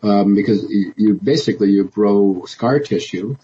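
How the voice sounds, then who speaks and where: A man's voice: fairly low pitch, normal speed, warm tone, highs cut off, a little hiss or hum. A man, a politician guest in an interview, telling his story in a rambling way with many restarts and fillers. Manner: rambling, many restarts and "you know", laughs often.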